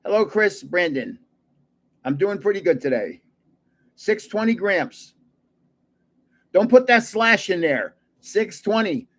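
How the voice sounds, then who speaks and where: Lively, rambling man in his seventies. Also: sits high, slow, long pauses. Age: 70s. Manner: rambling, chuckles often, trails off searching for words. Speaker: livestream host. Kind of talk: casual livestream chat.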